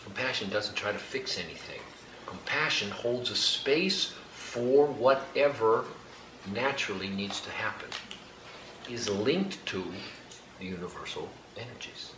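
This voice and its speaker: Low-voiced man guiding a group, echoey room. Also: expressive. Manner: slow, gentle instructions with light laughter. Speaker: workshop leader. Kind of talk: guided group exercise. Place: hall with an audience. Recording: echoey room, background noise.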